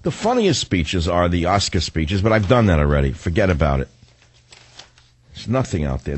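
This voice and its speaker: A man's voice: low-pitched, husky, no echo. An older man hosting a talk radio show, delivering a combative, sarcastic, rambling monologue.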